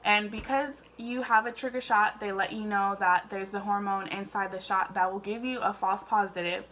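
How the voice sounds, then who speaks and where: A woman's voice: medium pitch, steady tone, moderate pace, fairly bright tone, slight background noise. A woman telling her own story casually to camera, chatty and full of fillers. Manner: chatty, emotional, many fillers. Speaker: vlogger.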